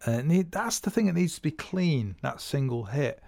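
Gravelly-voiced man talking drums. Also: a little high, lively intonation, moderate pace, darkish tone, no echo. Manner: rambling, restarts phrases and self-corrects; counts beats and vocalizes drum patterns. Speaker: drum teacher and podcast host. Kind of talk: casual spoken drumming lesson.

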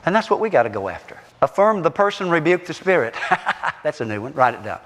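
A man's voice: a little high, very animated, fast talker, a bit bright. A man preaching a sermon and leading his congregation in call-and-response, with emphatic, rising delivery. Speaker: pastor. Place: church sanctuary. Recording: long reverb of a church hall.

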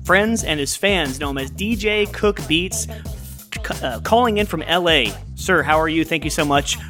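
A man's voice: a little high, animated, normal speed. A man from Newark, California, hosting a podcast and introducing a guest in an easygoing, casual way. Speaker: podcast host. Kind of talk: show introduction. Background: music.

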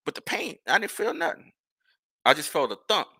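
Gravelly, animated New man. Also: on the high side, normal speed, no room sound, studio quality. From New Orleans. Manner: rambling, animated, profane storytelling. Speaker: podcast host. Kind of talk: casual storytelling.

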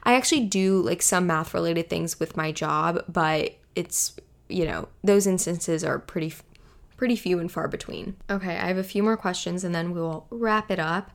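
A woman's voice: on the low side, normal speed, vocal fry. A young woman in her twenties hosting a solo podcast, rambling casually with lots of filler words. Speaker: podcast host. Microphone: podcast microphone.

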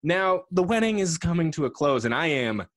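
A man co-hosting a podcast in casual chat, telling lively stories and acting out the quotes. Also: on the high side, moderate pace. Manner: animated storyteller, acts out quotes. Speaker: podcast co-host.

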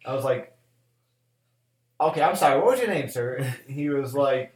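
A man's voice: mid-range voice, brisk, echoey room. A man in his thirties, a cook, telling a story in casual chat, swearing freely and acting out both sides of an argument. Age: 30s.

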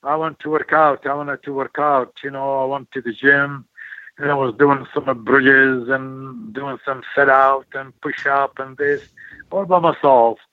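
Older guy from iraq spinning a lively story, tinny phone-ish sound, dry. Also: mid-range voice, measured pace, dry recording. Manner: animated storyteller, acts out quoted voices, broken English. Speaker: guest, former wrestler. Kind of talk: storytelling in an interview.

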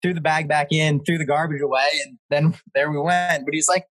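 A man in his twenties, a guest telling funny stories in a casual chat, lively and laughing as he quotes people. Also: a little high, brisk, dry recording, poor audio. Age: 20s. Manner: laughing, animated retelling with quoted voices. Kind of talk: casual storytelling.

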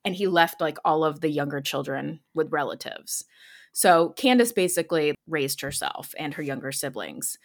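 A woman's voice: low voice, normal speed. A woman in her thirties telling a story in a casual chat, with many filler words. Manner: chatty, lots of "like" fillers, laughs often. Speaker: podcast host telling a true-crime story.

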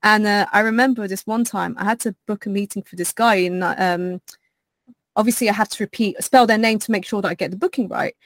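A woman's voice: mid-range voice, fairly even intonation, fairly quick, dry recording. A woman with a Southeast London accent, a podcast guest telling stories in casual chat, with frequent restarts and some swearing.

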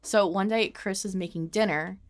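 A woman co-hosting a casual podcast chat who talks candidly and goes hushed on hard memories. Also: medium pitch, normal speed. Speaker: podcast co-host.

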